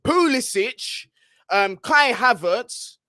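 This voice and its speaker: A man's voice: extremely high pitch, expressive, slow pace, sharp tone, no room sound, clean studio sound. A man hosting a casual football chat, fired up and slangy, often asking "yeah?". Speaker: host.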